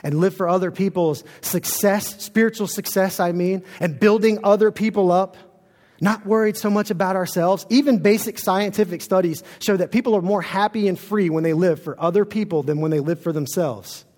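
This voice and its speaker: A man's voice: high voice, moderate pace, a little mellow, long reverb tail. A man preaching a sermon as pastor in a church, earnest and storytelling.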